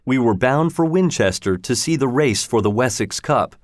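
A male audiobook narrator reads a storybook in a plain, steady voice at a moderate pace. His pitch is middling, and the recording is dry and close with no room sound.

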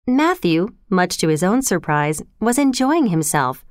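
Smooth-voiced woman narrating a storybook. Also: fairly low pitch, big pitch swings, unhurried, dry recording, clean studio sound.

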